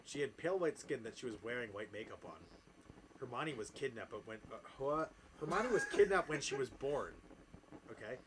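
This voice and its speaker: A man's voice: mid-range voice, moderate pace. Brief: male podcast host, comedic reading, dry delivery, cracks up now and then, noisy ambience. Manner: deadpan reading, breaking into laughter and asides.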